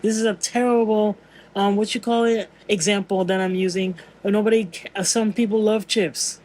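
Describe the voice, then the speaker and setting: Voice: mid-range voice, steady tone, normal speed, darkish tone, poor audio. A vlogger in a casual spiritual monologue, earnest and musing, often searching for words and restarting sentences.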